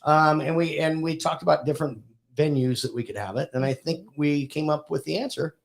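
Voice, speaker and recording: A man with a gravelly, highish voice speaks fairly quickly while co-hosting a podcast with his wife. Their chat is easygoing and rambling, with many fillers and restarts.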